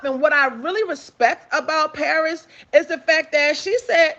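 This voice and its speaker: A woman hosting a livestream talk show, chatting about celebrity news in an excitable way, hyping up her listeners and repeating herself often. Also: high-pitched, moderate pace, lo-fi sound. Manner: excitable, hypes the audience, repeats phrases. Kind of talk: energetic celebrity gossip chat.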